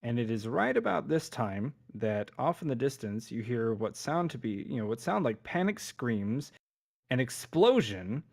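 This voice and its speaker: A man's voice: medium pitch, very animated, moderate pace, gravelly. A man narrating as game master in a tabletop game, in a casual, filler-heavy way.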